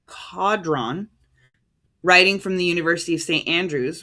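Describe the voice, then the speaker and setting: An American woman preaching a livestreamed sermon in a conversational, halting way, stopping to sort out names and titles as she reads them out. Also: lowish voice, lively intonation, bright, forceful tone. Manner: conversational, halting, stops to reread cited titles.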